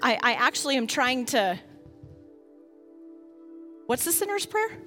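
A woman leading an interactive bible study for a group, swinging from quiet asides to loud, emphatic preaching. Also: sits high, very animated, measured pace, faint music behind. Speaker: bible teacher.

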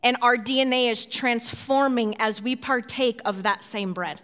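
Emphatic higher-voiced woman urging a congregation. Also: steady tone, fairly bright tone. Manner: emphatic, urging, fast bursts. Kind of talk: exhortation during communion.

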